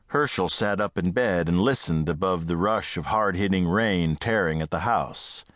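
A man narrating an audiobook with steady, measured storytelling, recorded close to the mic in a studio. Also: sits low, no room sound. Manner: steady, measured storytelling that voices each character's lines. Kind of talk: scripted narration.

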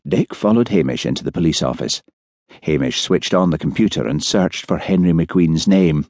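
A man narrating an audiobook in a measured storytelling manner, recorded on a studio microphone. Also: deep voice, darkish tone, no room sound. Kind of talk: scripted narration.

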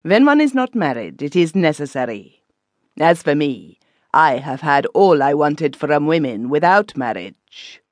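A woman's voice: low-pitched, big pitch swings, unhurried, no room sound, clean studio sound. A woman reading a boastful, self-important German official, a middle-aged man, in an audiobook.

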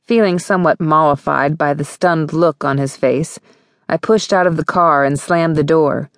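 A woman's voice: deep voice, normal speed, no room sound. A woman narrating a first-person romance audiobook with wry, intimate storytelling. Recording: dry studio booth.

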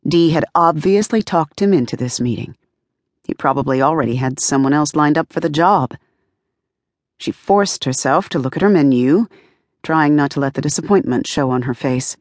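The narrator is a woman with a deep voice, recorded dry on a close studio mic. She delivers a scripted audiobook in a steady, measured storytelling manner.

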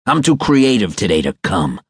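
A man reading an audiobook voices a crude, profane film producer who talks gruffly and full of himself. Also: lowish voice, sing-song, normal speed, no echo, clean studio sound. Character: crude, sleazy middle-aged male film producer.

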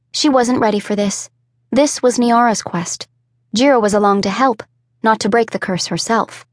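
A woman narrating an audiobook in a measured, expressive way. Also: a little high, dry recording. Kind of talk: scripted narration.

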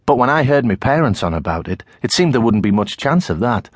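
A middle-aged man with a Tyneside accent narrating a children's novel in the first person, expressive storytelling. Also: mid-range voice, fairly quick, slightly rough, no echo, clean studio sound. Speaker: audiobook narrator.

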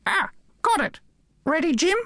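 A man voicing a chirpy, clever female macaw in an audiobook, in a high, squawky bird voice. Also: sing-song, unhurried, bright, forceful tone, no echo, studio quality, exaggerated voice. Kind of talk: audiobook character voice.

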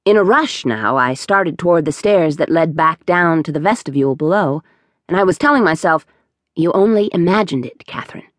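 A woman reading a first-person audiobook aloud in a slow, measured storytelling manner. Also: on the low side, no room sound. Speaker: audiobook narrator.

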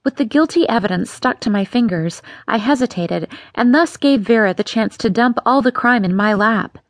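A woman's voice: on the high side, expressive, moderate pace, hardly any pauses, dry recording. Woman narrating an audiobook, dry studio. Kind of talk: scripted narration.

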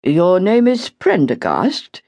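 A woman voicing a stiff, irritable male doctor who speaks slowly and formally. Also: on the low side, wildly swooping pitch, mellow, dry recording, pitched above the performer's own voice, full character voice. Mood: aloof. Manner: clipped, slow and stiff.

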